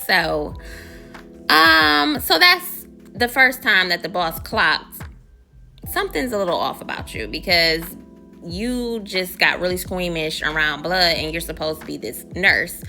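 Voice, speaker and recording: Chatty woman with a gravelly bright voice. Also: lowish voice, animated, unhurried, soft background music. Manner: chatty, slangy, gossipy retelling. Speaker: TV show recapper. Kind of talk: casual chat.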